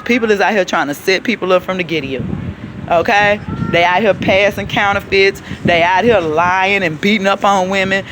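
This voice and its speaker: A woman vlogs an insistent, sermon-like rant to camera as she walks through the city, addressing her listeners as child and baby. She has a mid-range, slightly bright voice, with slight background noise.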